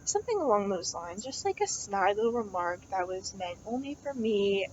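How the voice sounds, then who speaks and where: A woman's voice: medium pitch, sing-song, normal speed, a little mellow, highs cut off, a little hiss or hum. A young woman, a college student, talking casually and venting in a rambling way, swearing often and filling her speech with "like" and "um". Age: young adult. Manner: rambling, swears often, heavy use of "like" and fillers.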